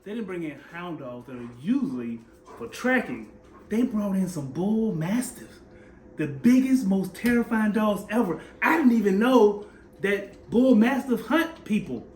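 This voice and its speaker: A man's voice: sits high, very animated, unhurried, darkish tone. A man co-hosting a casual TV recap chat, giving blunt, emphatic opinions. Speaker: podcast co-host. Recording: echoey room with faint noise.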